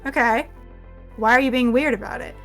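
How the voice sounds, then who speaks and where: A woman plays a fiercely protective aunt with a high voice. She scolds bluntly and swears freely. A faint music bed sits underneath. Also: fairly even intonation, a little fast, fairly bright tone. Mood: suspicious.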